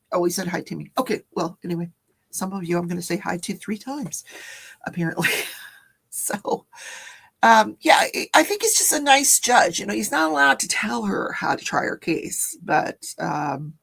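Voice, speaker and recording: Chatty livestream host, woman, mid pitch with vocal fry, laughs a lot. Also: a bit bright. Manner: chatty, laughs often, greets viewers in the chat. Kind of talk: casual true-crime livestream chat.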